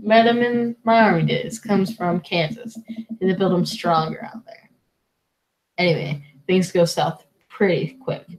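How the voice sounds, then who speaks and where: A woman reading the lines of a gruff, hardened middle-aged male army veteran in a game, telling a grim story slowly. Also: on the low side, natural voice, rough recording.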